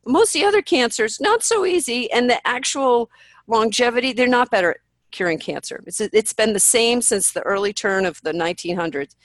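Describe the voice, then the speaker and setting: A woman speaks bluntly and with animation as an interview guest, swearing freely and slipping into quoted voices. Her voice sits a little high. The sound is dry and close. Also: expressive, fairly quick, no room sound. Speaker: podcast guest. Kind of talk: candid conversational interview.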